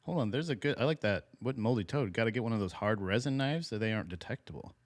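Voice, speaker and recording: A man's voice: fairly low pitch, expressive, quick pace. A man co-hosting a casual podcast, laid-back, laughing often and reacting to chat comments. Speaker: podcast co-host.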